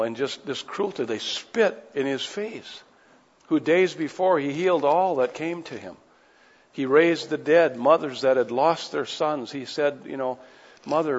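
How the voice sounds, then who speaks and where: A man preaching an earnest sermon, moving between quiet reflection and pressing intensity. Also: medium pitch. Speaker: pastor. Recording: dull audio with long hall reverb.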